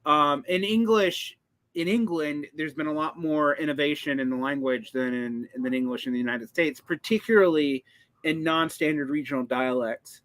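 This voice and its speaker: A man's voice: a little high, normal speed, a bit bright, no room sound. A man hosting a casual conversation, explaining language history in a digressive, lecturing way with many fillers and restarts. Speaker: host, teacher.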